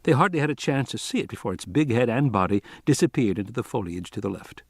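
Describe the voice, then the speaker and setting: Man, audiobook narration, lively up-and-down pitch, dry close sound. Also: fast talker, husky, no echo. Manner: lively, expressive reading. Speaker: audiobook reader.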